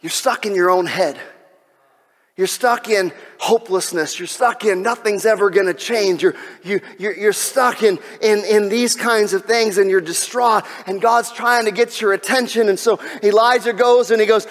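Male preacher, high-pitched and theatrical, drops to near-whispers then builds back up; echoing church hall. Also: moderate pace. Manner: dramatic, swings between loud exhortation and hushed near-whispers. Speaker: pastor. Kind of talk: sermon. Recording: long reverb of a large hall.

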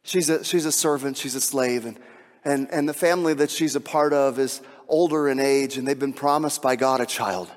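A man preaching a sermon with emphatic delivery, swinging from hushed, intimate passages to shouted climaxes. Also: mid-range voice, normal speed, in a large hall. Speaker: pastor.

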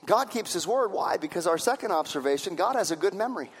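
A man with a notably high voice delivers a sermon, driving his points home through repetition. His words ring out with a long reverb, as if he stands in a large church hall. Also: animated, quick pace, husky. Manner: repetitive, emphatic preaching, building to shouts. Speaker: pastor.

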